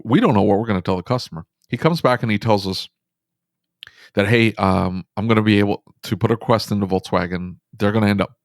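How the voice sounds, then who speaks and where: A man who owns a repair shop, telling a story on a podcast in an animated, emphatic way with quick bursts of speech. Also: deep voice, gravelly, no echo, clean studio sound. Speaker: auto repair shop owner, podcast guest. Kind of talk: casual storytelling conversation.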